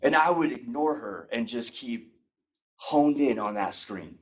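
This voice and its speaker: A young man giving a humorous personal story speech at a speaking club, animated and acting out the scenes. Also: medium pitch, a little slow. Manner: animated, acts out scenes and sound effects. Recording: dull lo-fi recording.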